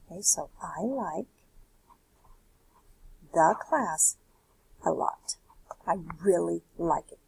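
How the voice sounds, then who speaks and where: Patient woman teaching a lesson, gravelly voice. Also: fairly low pitch, poor audio. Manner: patient, explanatory, slows down for examples. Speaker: Spanish teacher. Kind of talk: recorded classroom lesson walkthrough.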